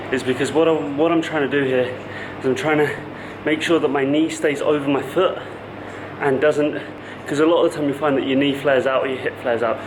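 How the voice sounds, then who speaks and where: A fitness coach chats casually to his camera, explaining as he goes in loose, stop-start phrases. His voice sits in an ordinary middle pitch. Clear traffic noise runs behind him. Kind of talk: casual vlog talk to camera.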